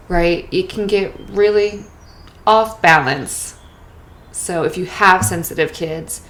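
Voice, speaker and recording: A young woman hosts her own podcast, talking frankly and loosely, with the odd swear word and a habit of checking in with "right?". Her voice sits a little low. She sounds like she is in an echoey room with a faint hiss underneath. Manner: chatty, candid, peppers talk with "right?" and casual swearing. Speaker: podcast host. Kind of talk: casual solo podcast monologue.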